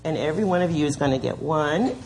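Gentle woman giving a children's sermon. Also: low-pitched, fast talker, slight background noise. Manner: gentle, patient, explains and gives step-by-step instructions. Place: church sanctuary.

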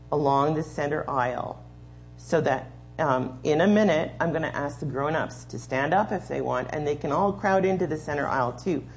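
Woman, slightly low-pitched, leading a patient and gentle children's sermon in church, with a faint hum behind her. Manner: gentle, patient, explains and gives step-by-step instructions. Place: church sanctuary.

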